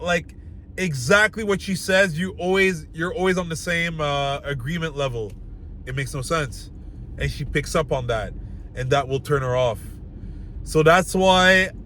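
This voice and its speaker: A man's voice: on the high side, a bit bright, a little hiss or hum. A young man giving blunt dating advice straight to the camera in loose, casual talk full of filler words.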